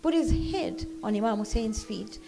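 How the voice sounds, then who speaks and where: A woman teaching a children's class, telling a story gently and then leading the group in a slow, loud rhythmic chant. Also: a little high, animated, gravelly, loud music behind the voice. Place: community centre classroom.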